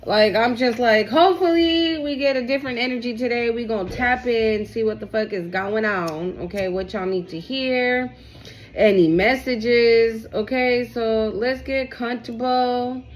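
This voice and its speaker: A woman's voice: fairly high pitch, measured pace. Casual profane woman reading tarot. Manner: casual, profane, repeats "okay?" often. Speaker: tarot reader.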